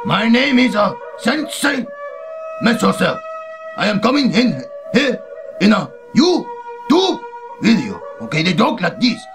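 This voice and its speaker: Dude doing a manic shouty japanese-accent sensei, squeals high. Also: male voice, sing-song, a little slow, music in the background, full character voice, low-quality recording. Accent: exaggerated put-on Japanese.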